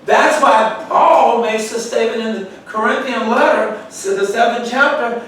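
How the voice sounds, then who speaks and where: Bible study teacher, man, very high voice, far from the mic in a booming hall, asks the class questions. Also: moderate pace, hardly any pauses, a bit bright. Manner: asks questions for the group to answer, sudden emphatic outbursts. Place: church room. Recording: echoey church room from far off, faint noise.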